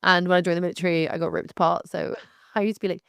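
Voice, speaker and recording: A middle-aged English woman with a faint West Country lilt hosts her podcast alone, talking frankly and with energy. Her voice is smooth and crisp, and the dry, close recording has no room echo. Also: lowish voice, fast. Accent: light West Country English. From Devon and Somerset, England. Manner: frank, animated, calls listener darling. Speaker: podcast host. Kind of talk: casual solo podcast talk.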